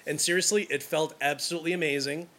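A man's voice: on the high side, fairly even intonation, fast, sharp tone. A wedding photographer from Brooklyn, a man talking casually and enthusiastically, rambling with restarts as he gives advice. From Brooklyn, New York.

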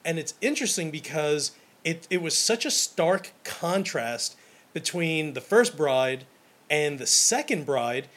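A young wedding photographer talks to camera about his work in a casual, energetic and enthusiastic monologue, often restarting his sentences. His voice is fairly high and a little slow.

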